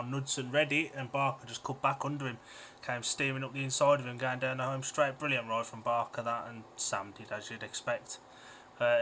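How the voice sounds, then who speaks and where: A man's voice: medium pitch, pushed and bright, slight background noise. A British man, a co-host, giving matter-of-fact speedway line-ups and race analysis in casual commentary. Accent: British English.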